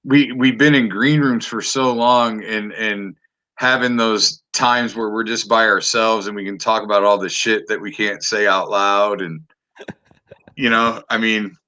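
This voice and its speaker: A man's voice: fairly low pitch, fairly even intonation, measured pace, pushed and bright. A man hosting a podcast, chatting casually and animatedly, swearing freely and often restarting his sentences. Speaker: podcast host. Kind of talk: casual chat.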